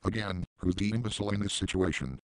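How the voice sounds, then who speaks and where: A man giving mocking commentary, deadpan, sarcastic and profane. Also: deep voice, fast talker, no echo. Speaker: commentary channel host.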